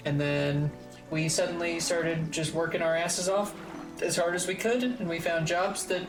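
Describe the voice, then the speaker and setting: A woman's voice: on the low side, steady tone, normal speed, music in the background. A woman streamer chatting casually and rambling while she plays, swearing freely, from a home streaming room. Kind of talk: casual chat while gaming.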